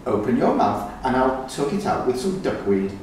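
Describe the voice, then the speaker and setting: A man voicing a helpful pond duck in a storybook, calm and plain. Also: medium pitch, normal speed, slight background noise, close to an everyday voice. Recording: echoey room, distant mic.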